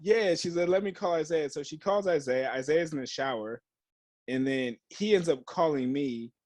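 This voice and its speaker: In a casual podcast chat, a young male co-host talks at normal speed in a medium-pitched, slightly mellow voice. He swears freely, leans on slang, and performs quotes while telling a story.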